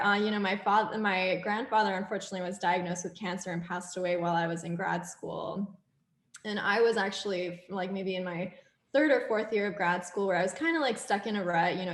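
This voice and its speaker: A woman panelist on a video call, talking in an earnest, reflective way. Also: medium pitch. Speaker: panelist, biomedical researcher. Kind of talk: casual panel talk. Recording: roomy webinar audio.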